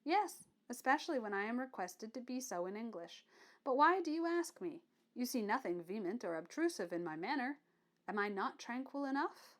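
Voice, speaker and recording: A woman voicing a reserved, stern male teacher who speaks in a measured, quiet way, in an audiobook reading of a classic novel. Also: fairly high pitch, lively intonation, close to an everyday voice. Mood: calm.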